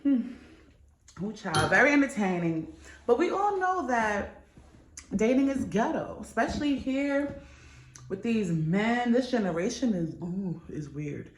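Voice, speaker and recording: Young woman vlogger talking straight to camera; expressive, candid storyteller who curses freely, recorded in a roomy space. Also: fairly high pitch, measured pace. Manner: candid, swearing, animated storytelling. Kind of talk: casual chat to camera. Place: New York.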